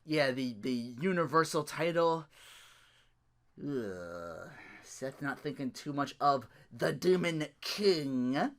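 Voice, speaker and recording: Man, podcast host, high-ish voice, very animated pitch, ranting and laughing, swears a lot. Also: slow. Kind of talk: solo wrestling recap podcast.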